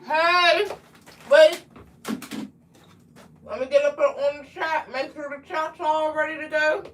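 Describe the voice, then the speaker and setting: Munching candy as she chats, this young woman runs a casual braiding stream and says hello to viewers by name. She speaks slowly in a high-pitched voice with fairly even intonation, and faint music can be heard behind her.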